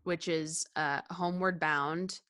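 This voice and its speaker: A podcast co-host chats casually about film, her voice a little low, fairly even in intonation, yet pushed and bright. She speaks slowly and unhurriedly, hesitating often with ums and restarts and laughing frequently. Earnest and heartfelt, she sounds sincere and invested.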